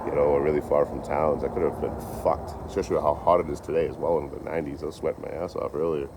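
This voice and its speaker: Deep-voiced young man rambling outdoors. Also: level tone, fast, background noise. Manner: rambling, profane storytelling. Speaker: train-hopping traveler vlogger. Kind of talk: casual live-stream chat.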